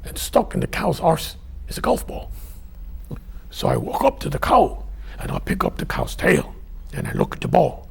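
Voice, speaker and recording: A gravelly Scottish joker with a high, stretched-out delivery, as an older man puts him on. He tells a comic tale with a rough, husky edge and a broad accent. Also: huge pitch swings, normal speed, long pauses, heavily acted. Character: older Scottish man telling a golf joke.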